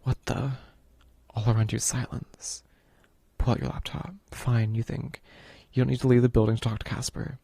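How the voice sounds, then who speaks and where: A man's voice: mid-range voice, little pitch movement, normal speed, gravelly, warm tone, breathy edge, no room sound. A man streaming a visual novel, reading its narration aloud and breaking off to comment on the game. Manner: reads narration, breaks off to chat about the game.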